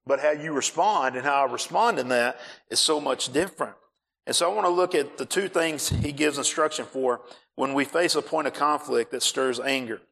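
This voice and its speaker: A male pastor preaching a sermon on marriage, animated, acting out scenes and raising his voice for emphasis. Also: medium pitch, normal speed, vocal fry.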